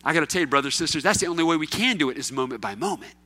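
A man preaches to his congregation, his voice high and bright. He presses loud, emphatic questions, then drops to quiet, low asides. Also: expressive, rapid-fire. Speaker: pastor. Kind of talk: sermon.

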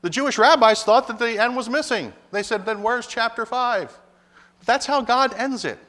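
A man's voice: very high-pitched, a little fast, fairly bright tone, in a large hall. A man preaching a sermon with emphatic delivery, speaking lines in the voices of God and Jonah in turn. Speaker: pastor.

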